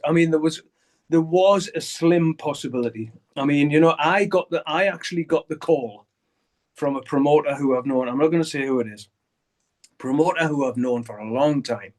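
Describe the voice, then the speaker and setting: An older man, a guitarist, telling a candid story in an interview over a video call, blunt and swearing often as he acts out what others said. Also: fairly high pitch.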